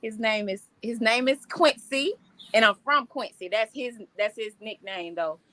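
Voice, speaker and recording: A woman's voice: a little high, normal speed, bright, forceful tone. Chatty woman singer in a casual interview. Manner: chatty, laughs easily, restarts phrases. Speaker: southern soul singer and songwriter.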